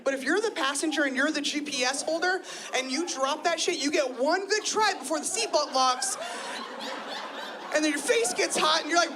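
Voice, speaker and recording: A woman's voice: high-pitched, moderate pace, noisy background. Chatty self-mocking woman comic, club crowd. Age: 30s. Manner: chatty, self-deprecating, lively with quoted voices. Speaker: stand-up comedian. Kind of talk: live stand-up comedy. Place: comedy club stage with audience. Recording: live club audio with crowd laughter.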